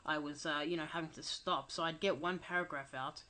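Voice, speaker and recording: A woman's voice: sits low, fairly even intonation, brisk, bright, forceful tone. A young woman giving a casual audio commentary, mumbling and hesitant as she recovers from being sick. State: recovering from illness. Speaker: channel host. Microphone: home desk microphone.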